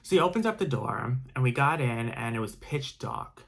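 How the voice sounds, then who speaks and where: A man's voice: medium pitch, lively intonation, normal speed, gravelly. A man telling a personal story in a casual vlog, rambling with frequent restarts and fillers. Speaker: vlogger.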